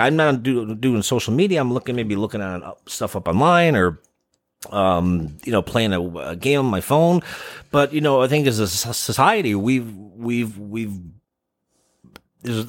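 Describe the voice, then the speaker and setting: A man's voice: mid-range voice, no echo. A man co-hosting a podcast, who talks in an earnest, reflective and opinionated way and sounds like a counselor. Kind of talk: casual podcast chat.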